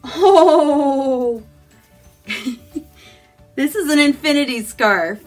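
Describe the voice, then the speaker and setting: An American woman, a married adult, unboxes a book subscription box with casual enthusiasm, gasping and tossing off quick remarks about each item. Her high voice is animated, and soft music plays in the background.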